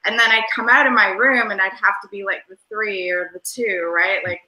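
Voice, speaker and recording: A woman's voice: medium pitch, steady tone, normal speed, sharp tone. A woman guest in a casual interview, talking in an airy, Valley-girl-like way that rambles with lots of fillers, over a video call. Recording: roomy echo.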